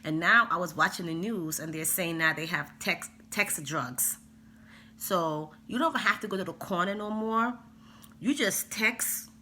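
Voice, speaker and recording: A woman vlogger talks straight to her viewers in a low yet bright, forceful voice. She is emphatic and animated, and she drops in asides as she lectures parents. Faint noise sits behind her. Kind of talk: casual vlog monologue.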